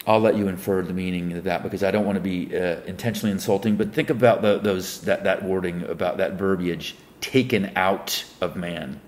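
A man, a self-styled preacher, reading Bible verses aloud and breaking off into rambling commentary, swinging between loud emphatic reading and quiet muttered remarks. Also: sits low, fairly even intonation, fast talker, hardly any pauses. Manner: reads scripture aloud, then breaks off into rambling asides.

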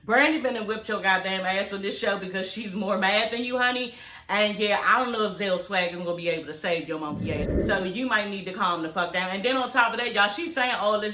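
Woman vlogger, home review channel, bright tone, casual and profane, slight room echo. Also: mid-range voice, a little fast. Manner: profane, talks straight to viewers. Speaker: YouTube show reviewer. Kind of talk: casual chatty review vlog. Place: home, filming in front of her TV. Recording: roomy echo.

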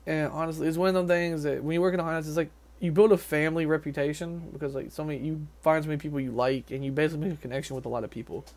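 This young man from Nashville, Tennessee vlogs outdoors in a rambling, casual way, speaking quickly with plenty of fillers and restarts. A vlogger and haunted house actor, he has a slightly high, a little mellow voice and a steady tone.

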